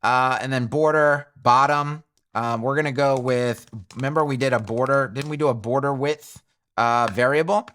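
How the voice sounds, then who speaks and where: A man's voice: mid-range voice, fairly even intonation, moderate pace, a bit bright. A man teaching web design in a screen-recorded tutorial, thinking aloud in a chatty way and correcting himself as he goes.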